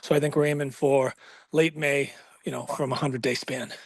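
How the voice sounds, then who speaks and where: A police captain reports to a community meeting in a casual, halting way, with many fillers. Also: male voice, medium pitch, fairly even intonation, husky, dry recording.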